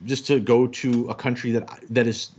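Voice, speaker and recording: A man co-hosting a casual chat show, telling travel stories in an animated, self-deprecating way. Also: medium pitch, moderate pace, breathy edge, highs cut off. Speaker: podcast co-host.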